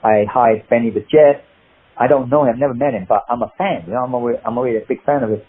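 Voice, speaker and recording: Male actor guest, Cockney accent, husky voice, phone-line sound. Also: mid-range voice, quick pace. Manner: rambling, animated, many restarts. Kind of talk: casual interview storytelling.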